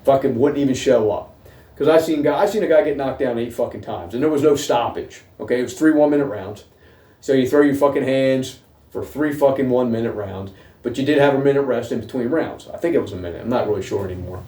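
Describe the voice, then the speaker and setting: A middle-aged man with a mellow, darker tone recounts his own past in a blunt, heavily profane monologue. He checks in with "okay?" again and again. The sound is roomy and echoey, with the speaker sitting some distance from the microphone. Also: mid-range voice, fast. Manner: blunt, heavy swearing, repeats "okay?". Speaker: host telling his own story. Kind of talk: casual storytelling monologue. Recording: roomy echo, voice away from mic.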